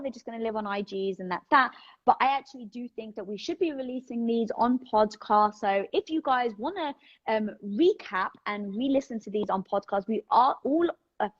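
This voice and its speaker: A woman's voice: fairly high pitch, darkish tone, slightly rough, muffled recording. A woman with a British accent hosting a casual livestream from home, chatting energetically and candidly as she answers viewer questions. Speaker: host of a livestream. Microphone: phone livestream.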